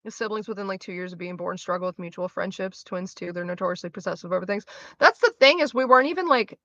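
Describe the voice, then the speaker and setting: A young woman streams casually, reading her live chat at a quick pace, rambling, swearing freely and leaving sentences unfinished. Her medium-pitched voice is fairly bright with no echo, but the mic sound is a little dull and lo-fi.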